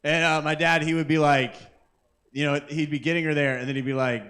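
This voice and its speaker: A man's voice: on the high side, steady tone, fairly quick, fairly bright tone. Rambling man doing crude stand-up. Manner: rambling, self-interrupting, crude jokes to the crowd. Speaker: comedian and open mic host. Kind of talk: live stand-up comedy. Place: live open mic at a kava bar.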